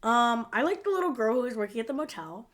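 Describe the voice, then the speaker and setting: A woman's voice: fairly high pitch, lively intonation, quick pace. A woman co-hosting a podcast, chatting casually and enthusiastically about a TV episode, with frequent laughter. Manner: enthusiastic, laughs often, lots of fillers. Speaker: podcast co-host. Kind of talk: casual chat recapping a TV episode.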